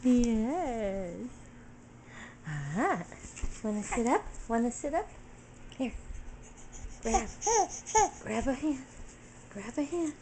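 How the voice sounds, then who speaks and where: An older woman coos baby talk to an infant in a slow, coaxing sing-song. Her voice swoops up and down with lively pitch. She is a grandmother talking at home. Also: a little hiss or hum. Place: bedroom at home.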